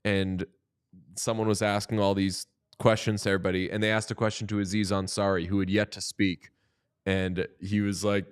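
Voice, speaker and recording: Casting: man, resonant smooth voice, easygoing storyteller host. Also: on the low side, level tone, moderate pace. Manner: joking, storytelling, tries mock accents. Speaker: podcast co-host. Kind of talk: casual chat watchalong.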